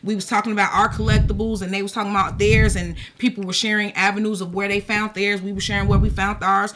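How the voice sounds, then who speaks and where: A woman chatting casually on a podcast, telling animated stories with quick asides. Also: medium pitch, over music.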